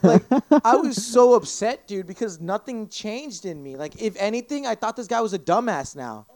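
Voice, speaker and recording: A young man appearing as a podcast guest tells a long, rambling story in casual chat, swearing constantly and animatedly acting out what people said. His high voice moves at a moderate pace, in a dry, clean studio recording.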